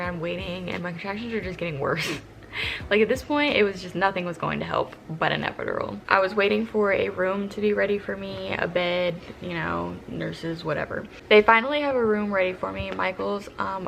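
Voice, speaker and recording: A woman's voice: mid-range voice, fairly quick, creaky, slight background noise. A young woman vlogger casually telling a candid, profane story to the camera. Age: young adult. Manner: candid, profane, animated retelling.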